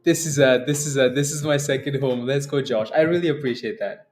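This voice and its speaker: A young man hosting a day trading livestream, emotional and laughing often, halting with many fillers as he thanks a viewer. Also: medium pitch, faint music behind. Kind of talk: casual livestream chat.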